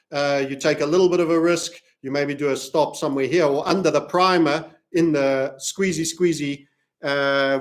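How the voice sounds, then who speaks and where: A man from Africa hosts a crypto chart analysis video in a fairly high voice. He rambles from point to point and cracks jokes. He also plugs his own community along the way. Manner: rambling, jokey, self-promoting. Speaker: crypto trading analyst and channel host.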